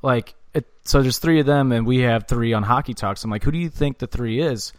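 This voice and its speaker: A man's voice: medium pitch, brisk, no room sound, clean studio sound. A young man co-hosting a podcast in casual, profane chat, full of "like" fillers. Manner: loose, profane, lots of "like" fillers. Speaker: podcast co-host.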